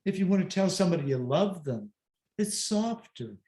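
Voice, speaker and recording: Presenting online from home over a video call, this speaker coach has a high-sitting, mellow male voice with big pitch swings and a moderate pace. His conversational talk is peppered with emphatic, self-deprecating remarks, and the room echoes noticeably.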